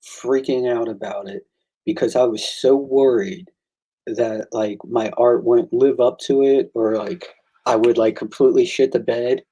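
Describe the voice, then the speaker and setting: Excitable man with a mellow, husky voice. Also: mid-range voice, a little slow, rough recording. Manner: excitable storyteller, acts out quoted exchanges. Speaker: comic book creator and artist. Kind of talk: casual chat.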